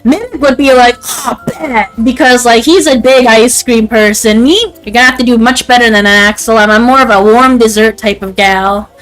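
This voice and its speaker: In her twenties, this VTuber streamer chats casually, rambling, cutting herself off, and leaning on "like" and "um." Her slightly high, a bit bright voice holds a steady tone at normal speed with few pauses. Faint music plays behind the rough recording.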